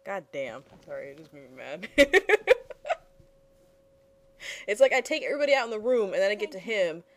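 A woman's voice: mid-range voice, animated, rapid-fire. A woman giving casual gameplay commentary, blunt and frustrated, swearing freely at the game.

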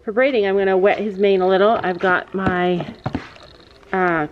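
A woman's voice: medium pitch, fairly even intonation, moderate pace, phone-quality sound, background noise. A woman vlogging as a mom outdoors at a horse barn, chatting casually and explaining her gear to viewers. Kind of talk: casual vlog chat.

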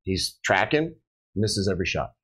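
A middle-aged man with a lowish voice tells his story casually, animated, jumping into the voices of the people he quotes. He speaks as a police officer chatting on a podcast. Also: normal speed, poor audio. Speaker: police officer recounting a shooting.

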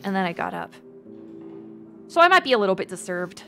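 A woman's voice: medium pitch, sing-song, fairly quick, gravelly, sharp tone, faint music behind. A woman VTuber streamer chatting casually, reading chat and thanking viewers, rambling, swearing often and laughing a lot. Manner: reads out chat names and thanks.

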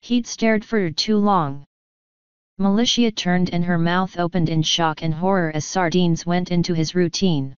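Woman audiobook narrator, steady wry storytelling, very clear voice, dry slightly muffled sound. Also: on the low side, measured pace, no room sound.

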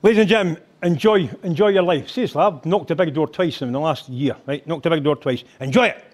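A man's voice: a little high, fast talker. An older man with a Scottish accent telling crude stories in a live stand-up routine, mimicking voices and humming tunes. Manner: animated storytelling, crude, mimics voices and sings band intros. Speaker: stand-up comedian. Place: rugby club function hall.

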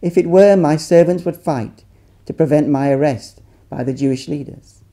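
A calm accused teacher answers his judge in a scripture reading, read aloud by a man. The voice is dark and mellow, slow and deliberate. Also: a little high.

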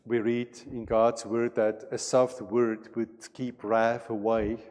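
A man preaching a sermon as pastor, with a measured and deliberate delivery in a church sanctuary. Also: medium pitch, little pitch movement, darkish tone. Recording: long reverb of a church hall.

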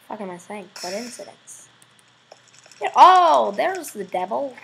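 A woman giving casual, excitable let's-play commentary, swearing freely and breaking into loud sudden exclamations. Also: mid-range voice, measured pace, vocal fry, a little hiss or hum, poor audio. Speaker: gameplay video host.

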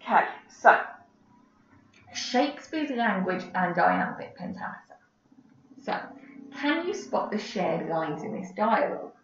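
A woman's voice: medium pitch, very animated, unhurried, long pauses, faint music behind. Female teacher on roomy lo-fi audio. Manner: conversational, many fillers and checking "okay?". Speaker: English teacher. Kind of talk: recorded remote lesson narration over slides. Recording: roomy, distant, dull lo-fi audio with faint background noise.

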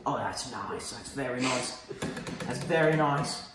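A man hosting a parody cooking show, bossing his helper around and yelling insults between laughs. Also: medium pitch, unhurried. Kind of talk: comic improvised cooking demo. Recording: roomy echoey room, faint noise.

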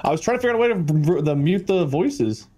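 A man's voice: on the high side, animated, fast, over a noisy crowd. A man co-hosting a casual gaming podcast, easygoing as he waits to join a game. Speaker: podcast co-host.

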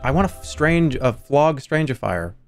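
A man's voice: medium pitch, very animated, moderate pace, faint music behind. A man streaming a game with friends, joking and laughing easily in casual chat.

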